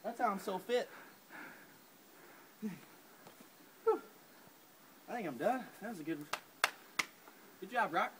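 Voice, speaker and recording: A man's voice: high-pitched, expressive, takes it slowly, long pauses. A young man playing a goofy nature guide outdoors, rambling in a fake-expert way with many fillers. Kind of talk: goofy deadpan nature-show parody. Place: outdoors in woods and rocky creek bed. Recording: outdoor camera audio with noise.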